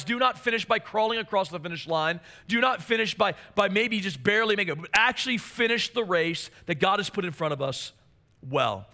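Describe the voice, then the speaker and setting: A man's voice: high voice, bright, forceful tone. A man preaching a sermon as pastor, earnest and emphatic, repeating key phrases for weight.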